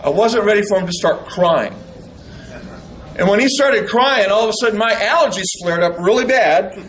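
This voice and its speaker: A middle-aged man giving an animated storytelling speech to an audience of veterans, acting out the dialogue he recounts. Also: high voice, moderate pace, low-quality recording. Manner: animated, acts out quoted dialogue. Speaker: speaker addressing veterans.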